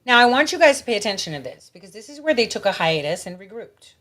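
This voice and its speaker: A woman's voice: on the high side, very animated, fast talker, a bit bright, faint music behind. A woman hosting her own show, giving blunt, profane political commentary in a ranting manner. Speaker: show host.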